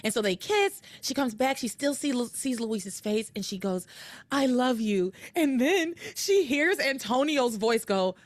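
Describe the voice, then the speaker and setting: A woman hosting a podcast, recapping episodes in casual chat with animated storytelling and frequent laughter. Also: a little high, a little slow, hardly any pauses, no room sound. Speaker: podcast host.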